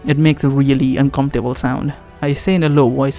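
A man's voice: medium pitch, little pitch movement, a little fast, warm tone. A man reading a text adventure aloud on a lavalier mic, narrating casually and adding profane asides. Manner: casual, swears and adds asides. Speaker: reader playing a text game aloud. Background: faint background music.

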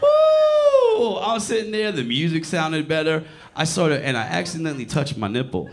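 Animated man in his forties, gravelly voice. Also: on the high side, brisk, a loud crowd, heavy background noise. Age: 40s. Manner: crude, animated storytelling with audience banter. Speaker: stand-up comedian. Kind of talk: stand-up set in a club. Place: comedy club with live audience.

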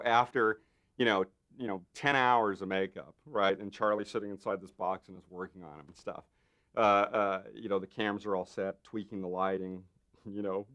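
A man, a makeup effects artist, telling a lively behind-the-scenes story in an interview and acting out what other people said. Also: lowish voice. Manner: animated storyteller, acts out others' lines. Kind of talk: interview anecdote.

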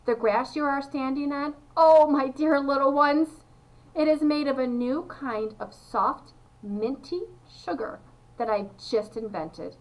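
A woman voicing an eccentric, excitable male candy maker who talks in an eager, showy, coaxing way while reading a children's storybook aloud. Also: high voice, unhurried, recorded from a distance, poor audio. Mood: eager showman.

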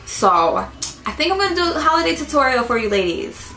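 A woman's voice: sits high, big pitch swings, a little fast, pushed and bright. Rambling young woman in echoey room. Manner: rambling and repetitive, many fillers. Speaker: beauty vlogger. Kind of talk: casual chat. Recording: roomy echo, faint music.

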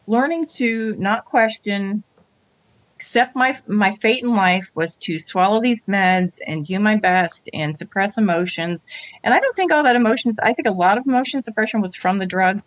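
Middle-aged woman guest, candid storyteller, animated quoting of others, dry close sound. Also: mid-range voice, moderate pace, no echo. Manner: animated, acts out quoted dialogue. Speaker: interview guest.

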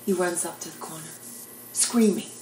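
Older woman, low gravelly voice, chatty rambling joke-teller, mic set back in a roomy space. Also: unhurried, a little mellow, distant mic, a little hiss or hum. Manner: chatty, rambling, self-deprecating. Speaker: vlogger telling jokes. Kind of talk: casual storytelling monologue.

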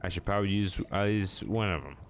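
At home, a young man who hosts a gaming channel commentates his own match, mocking himself and talking to his opponents. His voice sits low with vocal fry and moves fairly quickly, and there's a little hiss or hum.

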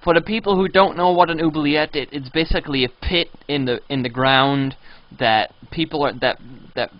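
A young man live-streaming a game and chatting with viewers in a playful, teasing way, now and then breaking into high squealing pleas. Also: moderate pace, dry recording. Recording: dull lo-fi stream audio.

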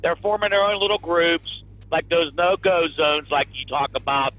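A man's voice: fairly high pitch, normal speed, no echo. A man calling in to a radio show, speaking bluntly and indignantly. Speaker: caller. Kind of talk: call-in opinion. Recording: dull phone line.

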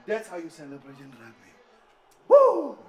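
An exuberant man cheering loudly and breaking off to explain the rules in a teasing tone. His voice sits high and leaps wildly in pitch. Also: lively intonation, normal speed. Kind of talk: excited match commentary and explaining.

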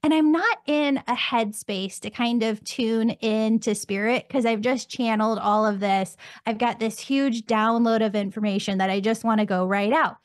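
A woman podcast host talks in a loose, conversational way and fills her sentences with ums and likes. Her voice sits fairly high for a woman. It is recorded close and dry, with no room echo. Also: moderate pace, hardly any pauses. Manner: chatty storyteller with frequent ums and likes.

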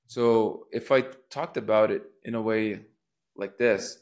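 A man gives a casual public speaking lesson, thinking aloud, restarting his sentences, and acting out rising and falling intonation on sample phrases. His voice is on the low side with a darkish tone, fairly even intonation, and a slightly slow pace.

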